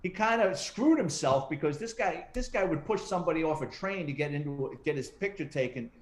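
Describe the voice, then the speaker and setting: A man's voice: a little high, a little fast. A middle-aged man, a retired detective, telling stories in a casual interview and acting out the voices of people he quotes. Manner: animated, acts out quoted voices. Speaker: retired police detective and author, interview guest. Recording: roomy echo.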